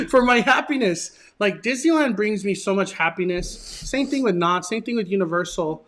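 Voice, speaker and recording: A man with a notably high speaking voice hosts his own channel. He tells his story in a casual, earnest and emotional way, often restarting his sentences. He is from Southern California. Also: a little fast, hardly any pauses, fairly bright tone. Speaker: channel host.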